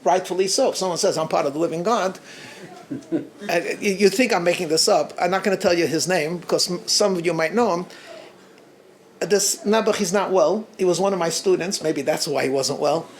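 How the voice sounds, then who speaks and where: Animated storytelling rabbi, halting restarts. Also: male voice, high-pitched. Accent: American. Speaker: rabbi giving a talk. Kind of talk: storytelling talk at a gathering.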